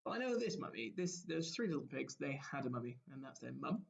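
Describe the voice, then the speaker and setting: A man, a primary school teacher giving a recorded lesson, explaining gently and asking the children questions. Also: medium pitch, sing-song, fast, creaky, muffled recording.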